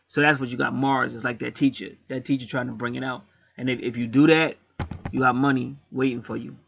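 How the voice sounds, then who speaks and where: Gravelly blunt man reading a chart. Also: medium pitch, fairly quick, highs cut off. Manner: animated, repetitive, preachy and blunt. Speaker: astrology and angel card reader. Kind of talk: casual spoken chart reading.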